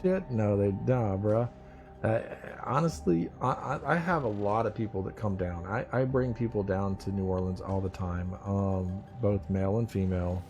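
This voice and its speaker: A man's voice: on the low side, normal speed, a little mellow. A man hosting a casual morning livestream, rambling, joking and swearing as he teases his viewers. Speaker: livestream host. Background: faint music.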